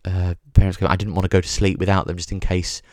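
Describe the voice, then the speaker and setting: A man's voice: low-pitched, flat delivery, fast talker, darkish tone, dry recording. A man hosting a podcast, talking in a rambling comic monologue, full of restarts and swearing. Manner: digressive, sweary, stumbling restarts. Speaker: podcast host.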